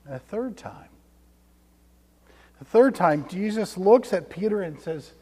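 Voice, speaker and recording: A male pastor preaching a sermon in a church, telling the story conversationally and dropping to hushed tones for emphasis. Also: high voice, lively intonation, measured pace, long pauses, husky. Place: church sanctuary. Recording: long church reverb.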